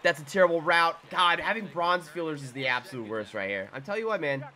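An excitable young man commentates on his own video game as he plays it. His voice is bright and forward, and his pitch leaps around, swinging from low, quiet muttering to high, loud bursts. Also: fast talker. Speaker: gaming YouTuber. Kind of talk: live gameplay commentary.

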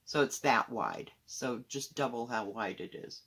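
Bright-voiced woman chatting about her stitching. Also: a bass voice, unhurried, breathy edge. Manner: rambling, candid, drops into soft asides. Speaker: cross-stitch vlogger. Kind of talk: casual show-and-tell chat.

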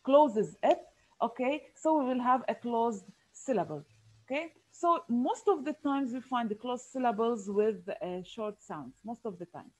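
A woman, her voice sitting a touch high, leads a phonics class over a video call. She explains slowly and patiently, repeating each key word and pausing on small fillers. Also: lively intonation, poor audio. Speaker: teacher. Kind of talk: online phonics lesson.

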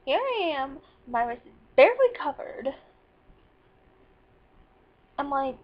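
A woman's voice: high-pitched, very animated, slow pace, pauses often, dull audio. A teenage girl venting about her day in a rambling, sarcastic personal vlog. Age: teens. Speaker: vlogger.

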